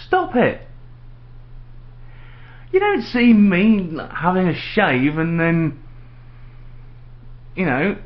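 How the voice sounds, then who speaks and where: A man ranting sarcastically to camera in a casual vlog at home. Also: a little high. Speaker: vlogger. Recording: dull lo-fi home video with faint noise.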